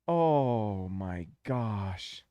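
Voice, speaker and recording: A man's voice: on the low side, lively intonation, drawn-out words, dark tone, smooth, no room sound. A man hosting a casual live reaction stream, talking to his viewers in an effusive way and repeating himself often.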